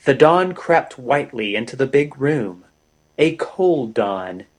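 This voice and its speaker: A man narrates an old-fashioned romance in an unhurried, deliberate reading. His pitch sits in an ordinary middle range, and he lets each phrase land slowly. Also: very animated. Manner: unhurried, measured literary reading. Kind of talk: audiobook reading of a romance novel.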